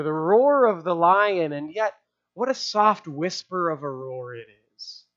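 A man's voice: on the high side, lively intonation, a little slow, a bit bright, highs cut off. A man preaching a sermon, emphatic, with rhetorical asides and repeated phrases. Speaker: pastor.

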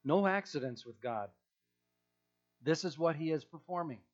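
Guy pastor preaching, emphatic, repeats stuff, kinda high voice, muffled lo-fi recording. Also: expressive, moderate pace. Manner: emphatic, repeats key phrases. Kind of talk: sermon.

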